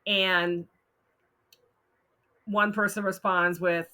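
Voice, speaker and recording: A woman's voice: medium pitch, little pitch movement, very slow, pushed and bright. A woman hosting a casual advice talk, frank and blunt, often laughing as she reads out posts. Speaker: host giving advice.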